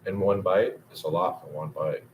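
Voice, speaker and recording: A low-pitched man chats loosely with his livestream audience, drifting between topics and swearing freely. He talks to viewers by name. A faint hum of room noise sits behind him. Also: normal speed, a little mellow, poor audio. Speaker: livestream host. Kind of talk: casual livestream chat with viewers.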